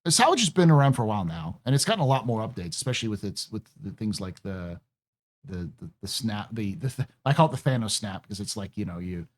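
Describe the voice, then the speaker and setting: Halting man hosting a podcast. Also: on the low side, sing-song. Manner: halting, repeats words while thinking. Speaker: podcast host. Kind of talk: casual chat.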